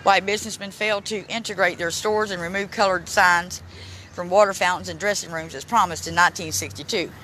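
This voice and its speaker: Male vlogger, high-pitched, emotional and halting, reading plaques aloud outdoors on a phone walking tour. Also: fairly even intonation, pushed and bright, a little hiss or hum, rough recording. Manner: halting reader, stumbles and restarts; emotional, close to tears. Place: outdoors in a city park.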